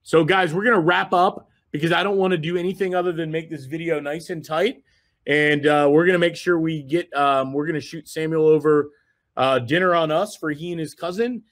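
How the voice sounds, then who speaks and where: A man's voice: on the high side, steady tone, brisk, fairly bright tone. A man hosting a group video call, giving a rambling, enthusiastic motivational talk full of fillers and repeated phrases.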